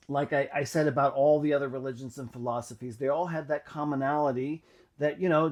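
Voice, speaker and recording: A man's voice: fairly high pitch, darkish tone, slightly rough. Reflective man sharing a personal testimony. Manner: reflective, halting, many fillers. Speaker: channel host.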